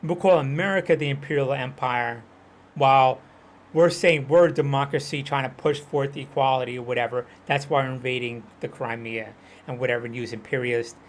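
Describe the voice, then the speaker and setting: A man's voice: mid-range voice, fairly even intonation, brisk, slight background noise. A man from Hawaii chatting loosely while streaming a game, rambling and full of fillers. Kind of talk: casual chat while gaming.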